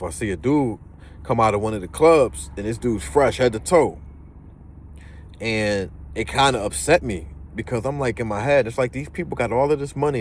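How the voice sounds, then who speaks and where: A young man tells a personal story in a relaxed, casual way and slips into the voices of the people he met. His voice sits at an average pitch, and faint traffic noise hums in the background. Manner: animated, acts out voices in the story.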